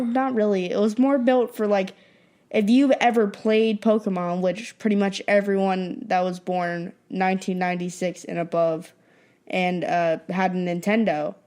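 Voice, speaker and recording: A teenage girl co-hosting a podcast, talking casually in a dry, quick, offhand way. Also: medium pitch, darkish tone. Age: teens. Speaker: podcast co-host. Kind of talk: casual chat.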